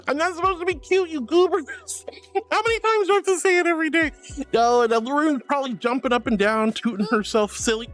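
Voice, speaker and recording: Playful theatrical girl streamer reading chat, high voice, soft music behind. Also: moderate pace. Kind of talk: casual chat reading live chat.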